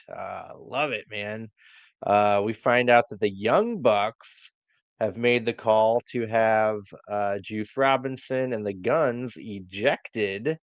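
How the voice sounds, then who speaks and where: A man's voice: medium pitch, vocal fry, dry recording. A man co-hosting a wrestling podcast, recapping matches in a laid-back way with many fillers. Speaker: podcast co-host. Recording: dull lo-fi dry sound.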